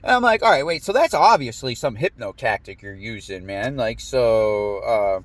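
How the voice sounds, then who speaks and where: A man rambling through a personal story, cursing freely and jumping up into a sharper voice whenever he quotes someone. His pitch sits in an ordinary middle range, and he talks in loose, looping sentences full of fillers. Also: moderate pace, no room sound. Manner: profane, animated, quotes people in raised voice. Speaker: podcast host.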